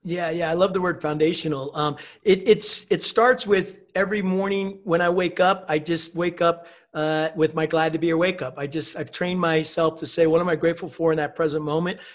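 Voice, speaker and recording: A man's voice: on the high side, steady tone, normal speed, few pauses. A man as a podcast guest, talking casually and upbeat, with many "you know" and "right" fillers. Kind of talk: casual conversation.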